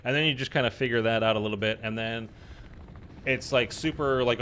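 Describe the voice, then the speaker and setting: Man, casual storytelling, rambling with lots of fillers, bright tone, faint ambience behind. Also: medium pitch, steady tone, fairly quick, slight background noise. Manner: rambling, many fillers, acts out quotes loudly. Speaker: streamer. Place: in Los Angeles.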